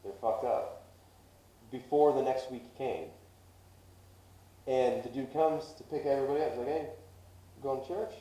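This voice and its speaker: A man's voice: medium pitch, normal speed, long pauses. A man telling a long story on a casual podcast, swearing a lot and acting out the people in it. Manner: profane, animated storyteller doing voices. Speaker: podcast co-host. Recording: echoey room, off-mic.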